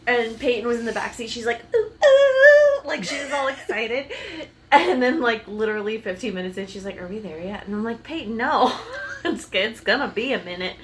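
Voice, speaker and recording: A woman's voice: on the high side, brisk, a bit bright. A woman co-hosting a podcast, chatting casually and telling stories while acting out what others said. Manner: chatty storyteller who acts out others' lines. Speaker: podcast co-host. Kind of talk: casual chat and storytelling.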